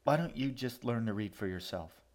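A man's voice: medium pitch, lively intonation, moderate pace, natural voice. A man voicing a grudging, defensive young boy in audiobook narration.

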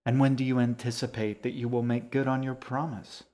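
A man's voice: mid-range voice, little pitch movement, fairly quick, mellow, lightly acted. A man voicing a menacing, falsely smiling man who coaxes and threatens a boy in an audiobook reading. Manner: cold, coaxing, threatening.

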